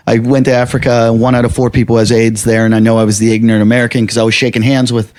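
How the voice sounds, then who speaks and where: A man's voice: mid-range voice, level tone, rapid-fire, a little mellow. A man who does stand-up comedy, chatting casually and telling anecdotes while laughing along. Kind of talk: casual chat.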